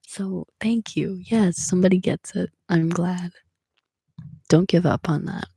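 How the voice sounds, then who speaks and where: Young adult ASMR streamer: dark, husky, soft-spoken, whispery chat. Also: mid-range voice, unhurried, no echo, clean studio sound. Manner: soft-spoken, drifting in and out of whispers, rambling and emotional. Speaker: ASMR livestreamer. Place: small room at home.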